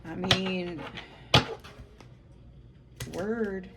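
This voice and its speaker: A woman's voice: on the low side, fairly even intonation, extremely slow, heavy background noise. A woman with a Southern US accent giving a solo tarot reading, talking bluntly, swearing freely and addressing her viewers as Collective. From United States. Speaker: tarot reader.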